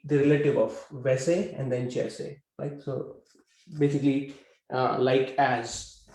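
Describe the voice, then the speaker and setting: A man's voice: mid-range voice, warm tone, reverberant, poor audio. A man teaching a language class over a video call, talking with many fillers and putting questions to his students. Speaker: Hindi teacher.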